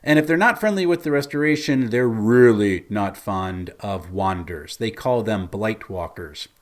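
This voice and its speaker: A man's voice: on the low side, animated, unhurried. A man, a game master, chatting through what happened in his tabletop campaign with an amused storyteller's manner. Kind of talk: recounting a tabletop game session.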